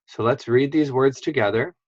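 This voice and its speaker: A man teaching a phonics lesson to young children, reading word lists slowly and clearly. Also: mid-range voice, darkish tone, no echo, highs cut off.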